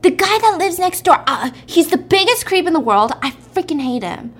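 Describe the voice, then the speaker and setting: A woman's voice: very high-pitched, sing-song, moderate pace, pitched above the performer's own voice. A woman voicing a fed-up, angry young woman who snaps her complaints in a story. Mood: irritated. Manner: irritated, snapping complaints.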